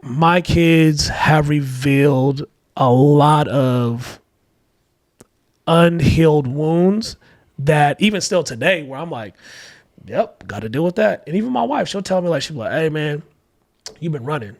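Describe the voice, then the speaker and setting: Guy telling dad stories, kinda high voice, dry close sound, lots of "like" and "bro". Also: lively intonation, measured pace, darkish tone, no echo. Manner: candid storytelling with many fillers, acting out quoted voices. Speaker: podcast guest, father. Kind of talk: casual heartfelt conversation.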